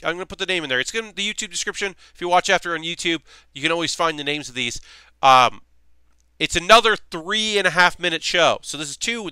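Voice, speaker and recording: A man's voice: fairly high pitch, sharp tone, smooth, dry recording. A young man hosting a livestream, rambling casually with lots of fillers between points. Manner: rambling, filler-heavy, chatty. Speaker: streamer hosting a model-building show.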